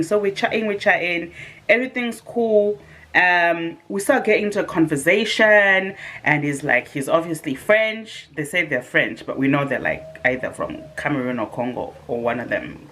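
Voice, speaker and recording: Animated British woman telling a dating story. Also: lowish voice, normal speed, a little hiss or hum. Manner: animated, dramatic retelling with quoted asides. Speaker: vlogger. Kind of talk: casual storytelling to camera.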